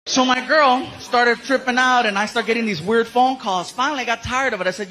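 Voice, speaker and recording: A man doing stand-up comedy, telling stories in an animated way with voiced impressions. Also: very high-pitched, a little fast. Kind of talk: stand-up storytelling. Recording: stage recording with loud noise.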